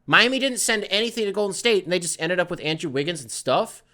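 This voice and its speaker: Animated, exasperated male podcast host. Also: high voice, fast. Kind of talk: solo sports podcast rant.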